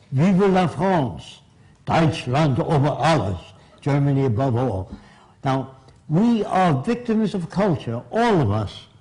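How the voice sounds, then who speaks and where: A man's voice: a little high, dark tone, poor audio. An older man giving a blunt, emphatic seminar lecture to a live audience. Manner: blunt, emphatic, plain-spoken. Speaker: seminar speaker. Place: seminar room.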